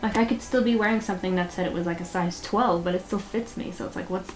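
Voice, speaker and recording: Young woman, confessional vlog, candid, rambling, filler-heavy, mid-pitched voice. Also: fast. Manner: candid, rambling, with frequent "like" fillers and nervous laughs. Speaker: vlogger.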